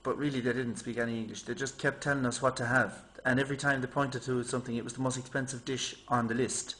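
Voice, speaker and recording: Here a vlogger speaks fast in a mid-range male voice, rambling casually at the camera. He tells animated, chatty stories and mimics others in a raised voice.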